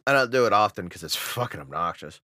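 A man's voice: fairly low pitch, expressive, fast talker, bright, forceful tone, no echo, clean studio sound. A man with a New England accent co-hosting a podcast, talking in a slurred, mumbly way and laughing often. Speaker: podcast co-host. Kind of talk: casual podcast chat and reading.

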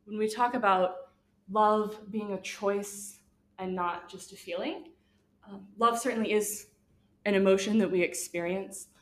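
A woman's voice: medium pitch, steady tone, a little slow. Young woman, guest speaker, casual and earnest, chatty delivery full of fillers. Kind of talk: faith talk to students.

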